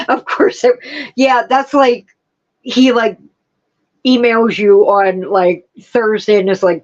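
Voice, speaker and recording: Slow, chatty woman hosting a livestream. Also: medium pitch, muffled recording. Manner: chatty, answering viewers' comments one by one. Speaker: livestream host. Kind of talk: casual livestream chat. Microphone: streaming setup with laptop.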